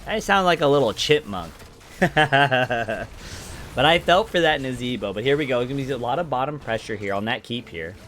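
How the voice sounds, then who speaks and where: A man giving energetic live play-by-play commentary on a video game and chatting with viewers, his voice cracking upward at exciting moments. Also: medium pitch, normal speed, a little hiss or hum. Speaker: esports caster and streamer.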